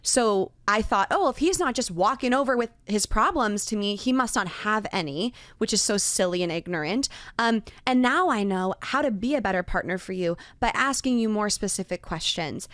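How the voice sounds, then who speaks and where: A woman's voice: mid-range voice, animated, normal speed, hardly any pauses, fairly bright tone, no echo. A young adult woman co-hosting a podcast with her partner, talking earnestly and affectionately and laughing often. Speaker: podcast co-host. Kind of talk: casual couple chat.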